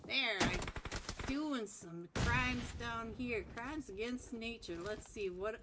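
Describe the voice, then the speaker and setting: A woman's voice: a little high, noisy background. A young woman casting a mobile battle royale match live, playful and giggly, chatting with viewers between play calls. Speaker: esports caster. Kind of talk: live game commentary.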